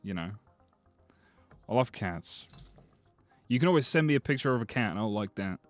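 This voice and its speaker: A man's voice: on the low side, moderate pace, no room sound, soft background music. A man chatting casually on a live stream, joking with his chat as he looks through game screenshots. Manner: chatty, jokey, lively.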